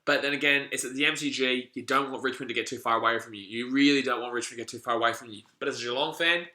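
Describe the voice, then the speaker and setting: An excitable man with an Australian accent, from the Gold Coast, hosting a live sports watch-along, chatting to viewers and repeating himself as he reacts to the play. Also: mid-range voice, very fast, echoey room. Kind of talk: live-stream sports commentary and chat with viewers.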